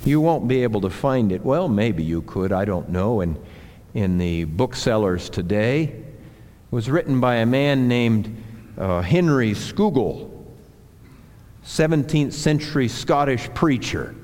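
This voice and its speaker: A man preaching a sermon as a pastor, slow and deliberate, building emphasis through repeated phrases. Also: mid-range voice, lively intonation, a little mellow. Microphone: handheld or clip mic that slipped. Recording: long hall reverb.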